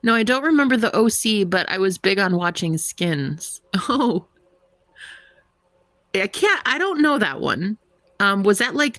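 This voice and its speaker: Young woman, US-American, talks to her stream viewers, giggly, rambling, lively voice that jumps around, dry close sound. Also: medium pitch, creaky, dry recording. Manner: giggly, rambling, playful, lots of "like". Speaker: tarot reader livestream host. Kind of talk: casual chat with live viewers.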